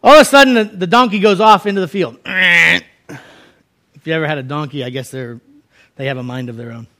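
A man with a high, bright voice preaches a sermon. He tells the scripture story like a casual chat, slipping into the characters' lines as he goes. His delivery stays folksy and conversational. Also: fast. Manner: storytelling, acting out voices in quotes. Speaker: pastor.

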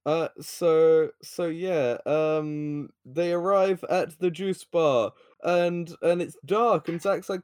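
A man's voice: a little high, takes it slowly, few pauses, a little mellow, clean tone, no room sound, clean studio sound. A man co-hosting a podcast, recapping a TV episode in a laid-back, profane, giggly way. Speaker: podcast co-host. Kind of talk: casual recap chat.

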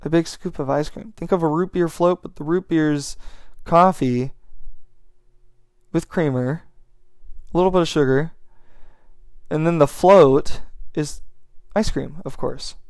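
Gravelly young man telling a rambling story. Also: on the high side, a little slow, pauses often, a little mellow, dry recording, studio quality. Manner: rambling, chatty, swears freely. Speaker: podcast host. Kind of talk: casual storytelling monologue.

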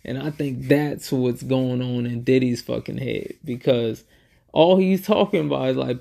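A young man giving casual reaction commentary, excitable and profane, retelling scenes in quoted bursts. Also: mid-range voice, unhurried, creaky. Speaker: reaction video host.

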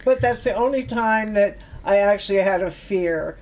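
Speaking at an even, moderate pace in a mid-range, slightly mellow voice, a middle-aged former youth project worker shares stories from her time on the job. She's chatty and laughs from time to time.

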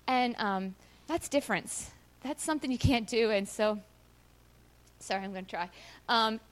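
A woman sharing a personal mission-trip testimony with a church audience, telling the story in a chatty, earnest way and acting out what people said. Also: medium pitch. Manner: animated storyteller who acts out quoted dialogue; earnest, chatty, many fillers.

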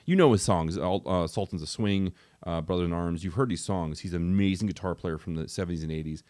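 A young man chatting casually on a podcast, opinionated and animated, talking quickly. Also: low-pitched, no room sound. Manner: rapid, opinionated, animated asides. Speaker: podcast co-host.

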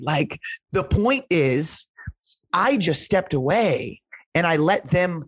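A man with a slightly raised pitch tells coaching stories in an earnest, emotional way. He rambles, leaning on "like" and "right?" as he goes. The sound is dry and close. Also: lively intonation, slow pace, slightly rough, no echo. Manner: rambling, heavy use of "like" and "right?". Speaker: strength coach. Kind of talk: casual storytelling in conversation.

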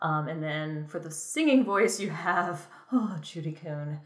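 A woman with a lowish voice chats casually about films, rambling and breaking into laughs. The room around her sounds echoey. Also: animated, measured pace. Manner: rambling, frequent laughs and filler words. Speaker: podcast co-host. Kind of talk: casual film review chat.

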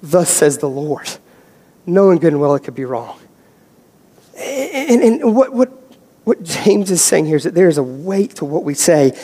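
A man preaching a sermon as pastor, animated, moving between loud emphasis and quiet storytelling. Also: high-pitched, moderate pace, slightly rough. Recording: hall reverb.

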